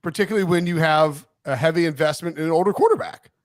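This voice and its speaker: A man with a fairly high pitch talks fast as he co-hosts a sports podcast, rambling, self-correcting, and teasing through his football takes. The recording is dry and studio quality, a casual sports chat.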